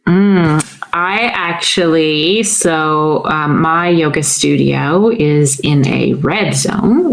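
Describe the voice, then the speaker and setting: A woman with a notably low voice, chatting as a podcast guest. She tells her story casually and pokes fun at herself. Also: creaky, poor audio. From Canada. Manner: chatty, self-deprecating, laughs at herself. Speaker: guest, naturopathic doctor.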